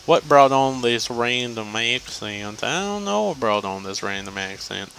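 A man's voice: mid-range voice, animated, a little slow, creaky, hardly any pauses, a bit bright, slight background noise, low-quality recording. A young man giving casual gameplay commentary for a guide video, rambling and joking to himself as he plays.

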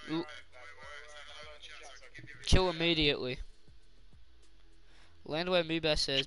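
A man's voice: a little high, brisk, pushed and bright, faint music behind, rough recording. A young man streaming a game, joking crudely, swearing and laughing through casual banter. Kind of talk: casual gaming stream chat.

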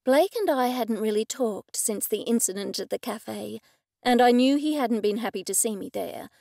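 A woman narrating a cozy mystery audiobook in the first person, steady and clear. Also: on the high side, moderate pace, no room sound. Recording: dry, close studio recording.

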